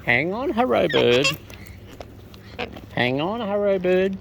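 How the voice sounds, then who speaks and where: A woman's voice: medium pitch, sing-song, slow, creaky. A woman chatting playfully to wild birds in a coaxing, babyish tone while feeding them outdoors, recorded on a hand-held phone. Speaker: bird-feeding vlogger. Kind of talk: casual talk to wild birds. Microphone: phone held close. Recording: outdoor phone recording, loud bird noise.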